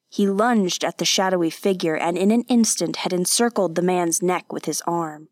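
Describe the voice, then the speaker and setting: A woman narrating an audiobook in a measured, deliberate way. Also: on the low side, a little mellow, no echo, clean studio sound. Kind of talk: audiobook reading.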